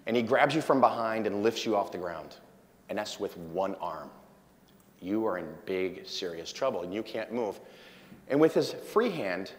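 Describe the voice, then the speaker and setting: A man giving a humorous conference talk to a live audience, telling an animated story. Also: on the low side. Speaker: conference speaker. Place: large conference hall. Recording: long hall reverb from a lecture hall.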